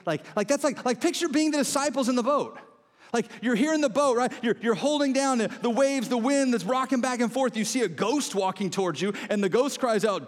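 Man, pastor, sermon, animated storytelling, excited then hushed, church auditorium reverb. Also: very high voice, fairly quick. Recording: long hall reverb.

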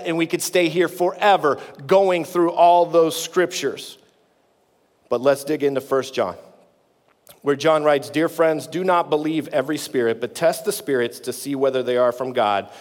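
A man preaching a sermon in a conversational way, dropping low and quiet to reassure. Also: long reverb tail. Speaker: pastor.

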